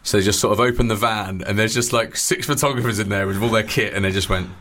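A man's voice: lowish voice, fairly even intonation, quick pace, fairly bright tone. A man hosting an interview, chatty, telling anecdotes in a casual way. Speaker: podcast host. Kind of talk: conversational interview.

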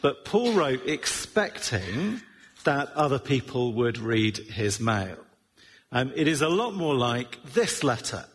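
A man's voice: mid-range voice, big pitch swings, takes it slowly, a little hiss or hum. A middle-aged man preaching a sermon in a conversational way, with wry asides. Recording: long reverb of a large hall.

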